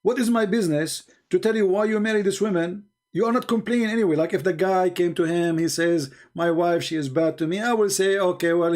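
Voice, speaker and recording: A man's voice: high-pitched, darkish tone. Emphatic man arguing in a debate call. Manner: emphatic, questioning, mixes in quoted voices. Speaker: online debate host. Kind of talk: live call-in religious debate.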